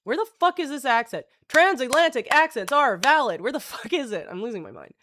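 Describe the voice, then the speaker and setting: A woman's voice: high-pitched, big pitch swings, fairly quick, a bit bright, dry recording. A woman streamer chatting casually with her viewers, rambling, reading passages aloud, swearing freely and chuckling.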